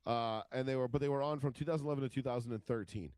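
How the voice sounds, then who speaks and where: A man co-hosting a casual podcast chat, talking in an animated, profane, rambling way. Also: medium pitch, racing, clear, resonant tone, dry recording. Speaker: podcast co-host.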